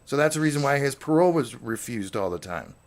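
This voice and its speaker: Blunt guy in a podcast chat, lively up-and-down voice, swears a lot. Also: mid-range voice, fast. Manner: blunt, opinionated, swears casually. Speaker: guest in conversation. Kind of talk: casual chat.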